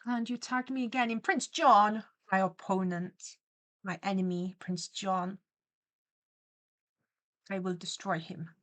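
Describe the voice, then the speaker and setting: A woman's voice: mid-range voice, steady tone, normal speed, fairly bright tone. Playful woman streamer. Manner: playful, theatrical mock-villain rambling with frequent laughs. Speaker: streamer and animator. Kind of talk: casual livestream chat.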